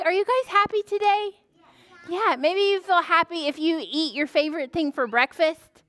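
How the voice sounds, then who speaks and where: A woman librarian leading a preschool story time, animated and sing-song, gasping in surprise as she talks to small children. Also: high-pitched, moderate pace, no echo.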